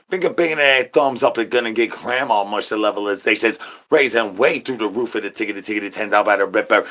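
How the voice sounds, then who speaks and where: A man's voice: medium pitch, sharp tone. A man livestreaming, rambling nonsense to his chat in a sing-song patter, repeating rhyming filler syllables and catchphrases.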